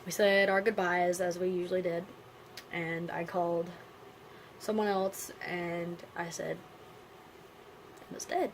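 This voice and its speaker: A woman vlogger telling a personal story to the camera in a subdued, halting voice with many pauses, candid and casually blunt. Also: fairly low pitch, level tone, slight background noise, poor audio.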